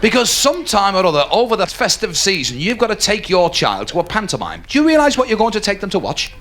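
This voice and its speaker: A man doing a live stand-up comedy routine, telling stories animatedly and dropping into quick put-on voices. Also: high voice, sing-song, fairly bright tone. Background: audience laughter.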